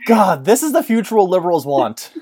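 A woman's voice: on the low side, normal speed, slightly rough. A woman co-hosting a podcast, telling stories in a sarcastic, joking way. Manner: sarcastic, animated storyteller. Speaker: podcast co-host. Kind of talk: casual chat.

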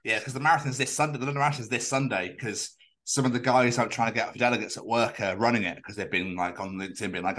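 A man with a Scottish accent co-hosting a podcast, an animated storyteller who swears freely. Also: mid-range voice, fast. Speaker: podcast co-host. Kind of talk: casual chat.

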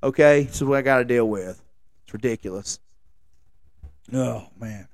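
A man's voice: mid-range voice, normal speed, darkish tone, dry recording, studio quality. A man, hosting a podcast and telling rambling, self-mocking stories in a casual, exasperated way. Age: late 30s. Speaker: podcast host. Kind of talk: casual comedic storytelling monologue.

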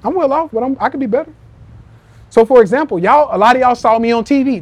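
A fast-talking man with a very high voice hosts a live rant podcast about social media, recorded on a phone with no echo. His style is emphatic, profane, and repetitive, with quotes acted out animatedly.

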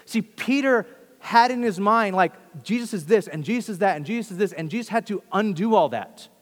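Man, pastor, sermon, earnest, repeats and restarts, high voice, echoing hall. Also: lively intonation, brisk. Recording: long hall reverb.

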